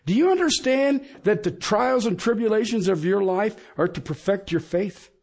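A man's voice: high voice, expressive, normal speed, darkish tone. A middle-aged man preaching a sermon, emphatic and asking the congregation questions.

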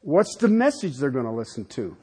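A man's voice: medium pitch, very animated, a little fast, warm tone, slightly rough. A man preaching a sermon, emphatic and full of rhetorical questions, often stopping to check in with his listeners. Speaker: pastor.

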